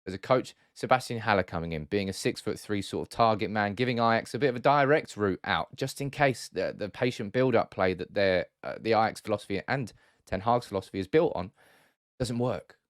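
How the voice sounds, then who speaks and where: Clean, dry studio audio captures a man with a lowish voice presenting football tactics. His breakdown is chatty and casual, and he keeps restarting and correcting himself.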